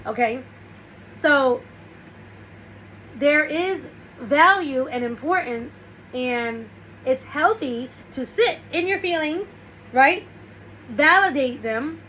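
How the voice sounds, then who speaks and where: A woman's voice: sits high, animated, takes it slowly, pauses often, fairly bright tone, slight background noise, low-quality recording. A woman host talking casually and rambling through a story while giving relationship and self-help advice. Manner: rambling, restarts, storytelling with quoted asides.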